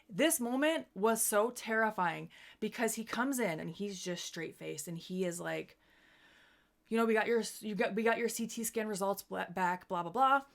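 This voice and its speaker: A woman in her thirties, a streamer, telling a personal story in casual chat, quoting herself and others and swinging between hushed and loud. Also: mid-range voice.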